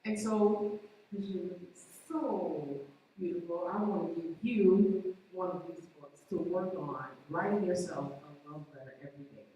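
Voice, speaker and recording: A woman's voice: on the low side, measured pace, highs cut off, slight background noise. A woman giving a motivational talk at a conference, often asking the audience direct questions. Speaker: conference speaker. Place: large hall with a live audience. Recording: echoey hall, mic far off.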